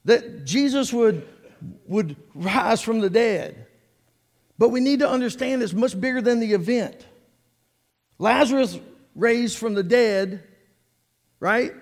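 A preacher with a high voice delivers a lively sermon from a church sanctuary. He jokes with his congregation and pulls them into the story. His voice rings out with a long hall reverb. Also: slow pace, pauses often. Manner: animated and joking, drawing in the congregation. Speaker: pastor.

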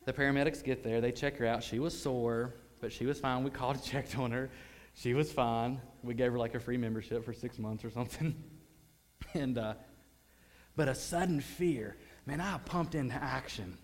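A man preaching a sermon, telling a story animatedly and swinging from hushed tones to loud bursts. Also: medium pitch, fairly even intonation, moderate pace.

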